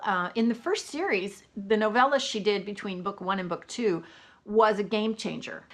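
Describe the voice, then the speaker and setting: A woman's voice: mid-range voice, a bit bright. Chatty exclamatory woman. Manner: chatty and exclamatory, laughs often. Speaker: book vlogger. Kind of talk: casual chat.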